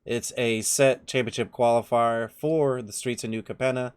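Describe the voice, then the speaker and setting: A man with a smooth, clear voice at a middle pitch hosts a card game set review. He talks in a friendly, promotional way as he walks through each card. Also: fairly even intonation, moderate pace. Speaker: host.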